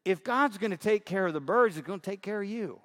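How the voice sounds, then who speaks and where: A man voicing a calm, wise teacher who talks in an easy, conversational way, gently persuading. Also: high voice, fast talker, long reverb tail, pitched above the performer's own voice. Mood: encouraging. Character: calm, wise male teacher, laid-back.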